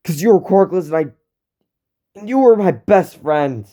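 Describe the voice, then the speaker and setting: A man's voice: high voice, expressive, measured pace, dark tone, voice pushed up. A young man voicing a remorseful young male bully in pain who apologizes, in an amateur fan story reading. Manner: pained, apologetic.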